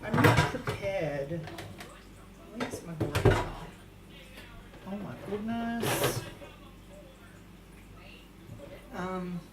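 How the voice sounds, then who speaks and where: A woman's voice: medium pitch, expressive, takes it slowly, heavy background noise. Woman doing a posh english lady cook, vain and theatrical, darling this darling that, echoey kitchen. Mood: flustered. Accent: English, put on. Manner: theatrical, calls people darling. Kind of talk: live-streamed comedy cooking show in character. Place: home kitchen.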